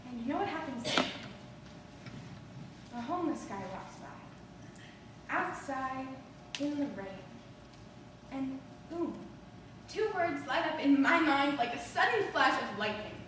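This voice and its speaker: A woman's voice: high voice, lively intonation, slow, pauses often. A woman performing a theatrical monologue as a restless, emotional woman, telling her story in a charged, confessional way. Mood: distraught. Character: restless, ungrateful woman stranded waiting, emotional. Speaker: stage actor performing a monologue. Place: theater stage. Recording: distant echoey hall recording with background noise.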